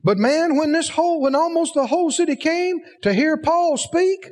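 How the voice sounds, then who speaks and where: A man's voice: extremely high pitch, expressive, normal speed, long reverb tail. A man preaching a sermon, emphatic, asking the congregation rhetorical questions.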